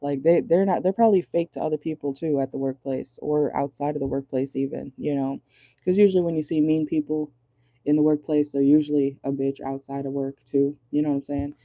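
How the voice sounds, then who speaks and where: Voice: mid-range voice, steady tone, fairly quick, dark tone, no room sound, highs cut off. A chatty tarot reader giving a casual, blunt reading from inside a car, swearing freely and laughing often.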